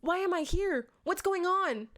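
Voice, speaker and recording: A woman voicing a young heroine who pleads in a high, whiny, overdramatic way. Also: expressive, a little slow, fairly bright tone, full character voice. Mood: pleading.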